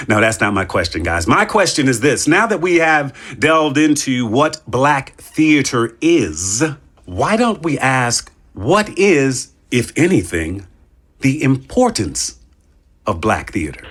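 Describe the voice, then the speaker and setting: A man's voice: medium pitch, sing-song, slow pace, a bit bright, soft background music. Male podcast host, mid-range voice, loose and jokey, rambling with playful tangents. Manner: joking, rambling, playful asides. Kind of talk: casual podcast chat.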